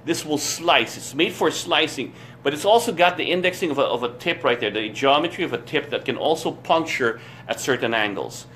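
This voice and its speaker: A man's voice: a little high, lively intonation, a little fast, fairly bright tone, a little hiss or hum. A man hosting a casual chat, enthusiastically explaining bladed tools in detail. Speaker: host. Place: Florida.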